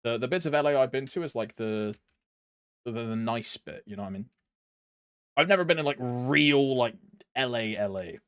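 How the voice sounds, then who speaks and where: A man's voice: mid-range voice, moderate pace, pauses often, a bit bright, clean tone, dry recording, clean studio sound. A young man streaming a game, chatting casually in a rambling way, laughing often and calling his viewers bro. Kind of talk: casual chat while gaming.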